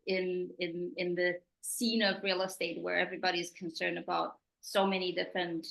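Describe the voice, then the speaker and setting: Gravelly low-voiced woman hosting. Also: level tone, normal speed, fairly bright tone, poor audio. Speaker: interview host. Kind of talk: interview questions.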